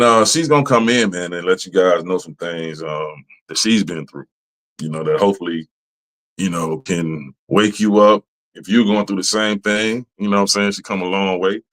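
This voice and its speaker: A man hosts a podcast with a casual, profane, animated monologue. He laughs often and his pitch jumps high when he rants.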